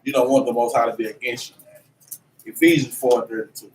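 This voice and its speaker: A man teaching a religious class in an animated, preachy way, with lots of slang and repeated "man". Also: medium pitch, fast. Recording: echoey room, mic at a distance, faint noise.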